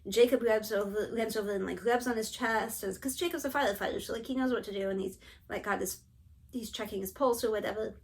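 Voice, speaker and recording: A middle-aged woman chatting casually to camera, telling a long story in a lively way and acting out the people in it. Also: medium pitch, quick pace. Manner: chatty, animated storytelling with quoted asides. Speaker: cross-stitch vlogger.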